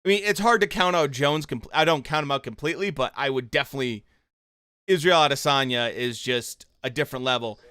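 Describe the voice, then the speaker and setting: A man's voice: medium pitch, fairly quick, bright, forceful tone, clear, resonant tone, dry recording, studio quality. A man hosting a fight-show watchalong stream, chatting casually with viewers and reacting to the episode as it plays. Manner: chatty, reacts to chat and the show with loose fan talk. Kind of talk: casual livestream commentary.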